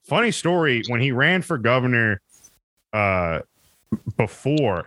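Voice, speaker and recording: A man's voice: medium pitch, very animated, takes it slowly, fairly bright tone, no echo. Rambling profane man. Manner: rambling, profane, laughs a lot. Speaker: podcast co-host or guest. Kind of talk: casual podcast chat.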